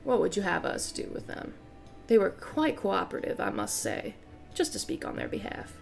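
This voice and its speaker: A dutiful, curt henchwoman, as a woman puts her on for a tabletop game. Her voice is gravelly, low and hushed, deferential to her mistress, with faint music behind. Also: wildly swooping pitch, normal speed, exaggerated voice.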